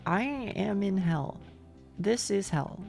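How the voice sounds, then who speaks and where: A woman's voice: mid-range voice, takes it slowly, gravelly, a little mellow, soft background music. A young woman streaming, chatting casually with viewers, rambling and swearing with frequent laughs.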